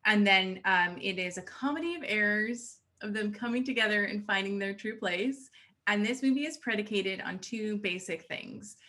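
Female podcast co-host, bright voice, blunt and casual, hesitant fillers. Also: mid-range voice, normal speed. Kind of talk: casual chat.

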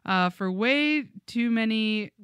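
A woman's voice: a little high, lively intonation, slow, fairly bright tone, clear, resonant tone, no echo. A woman co-hosting a music podcast, reading listener comments aloud with frequent giggles. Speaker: podcast co-host.

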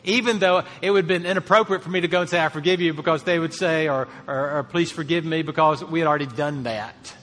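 A man preaching a sermon, his voice pitched high and ringing bright. He speaks earnestly and lifts his voice to drive key phrases home. The sound trails off into the long reverb of a hall. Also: quick pace, hardly any pauses. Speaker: pastor.

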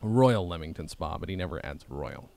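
A man hosting a podcast, telling rambling stories in casual chat, swearing freely and slipping into quick impressions. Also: low voice, lively intonation, gravelly, dark tone. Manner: rambling storytelling with profanity and impressions. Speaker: podcast host.

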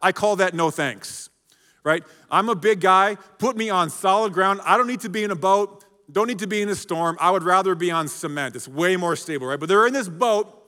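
High bright-voiced preacher in an echoey hall. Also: male voice, moderate pace. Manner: conversational, keeps checking in with the congregation. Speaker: pastor. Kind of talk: sermon.

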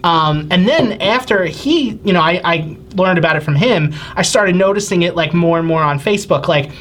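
A woman with a New Jersey accent co-hosting a podcast, chatting casually with quick reactions and restarts. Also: on the low side, expressive, a bit bright. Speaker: podcast co-host. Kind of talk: casual chat.

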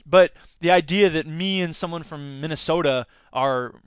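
A man's voice: fairly high pitch, normal speed, smooth, dry recording. A man hosting a casual political podcast, sarcastic and indignant, laughing at his own jokes as he rants. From Wisconsin. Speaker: podcast host; teacher union member.

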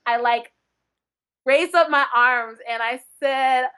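A woman book blogger chatting as a podcast guest, telling lively stories with frequent laughter and acted-out quotes. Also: high-pitched, slow pace, smooth. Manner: animated, laughing often, acts out quotes. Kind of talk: chatty podcast interview storytelling.

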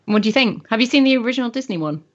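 A woman's voice: fairly high pitch, animated, racing. A woman in casual podcast chat, chatty and full of questions and rambling asides. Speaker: podcast co-host. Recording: muffled lo-fi audio.

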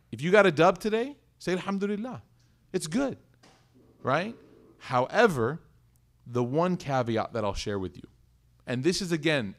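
A man in his thirties giving a conversational sermon as an Islamic teacher, asking the audience questions and acting out little dialogues in other voices. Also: a little high.

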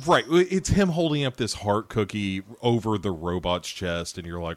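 Deep-voiced guy rambling on a film podcast, laid back and self-mocking. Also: normal speed, no echo. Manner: rambling, self-deprecating, digressive. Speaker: podcast host. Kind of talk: casual podcast chat.

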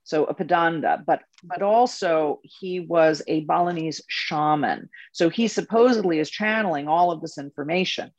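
A woman spiritual coach and tour leader telling stories in a casual interview, animated and laughing often. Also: on the low side, moderate pace, hardly any pauses, no room sound, dull audio.

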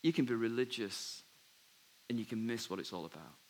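A man preaching a sermon, telling a Bible story with lively asides and dropping softly when he gives God's words. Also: medium pitch, a little fast. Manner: animated storytelling, drops to soft voice for God's words. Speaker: pastor.

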